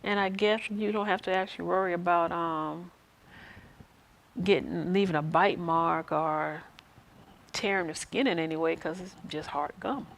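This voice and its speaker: Frank chatty woman with gravelly voice. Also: on the low side, steady tone, normal speed. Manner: frank, chatty, answers chat questions aloud. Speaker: host. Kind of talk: casual live-stream chat.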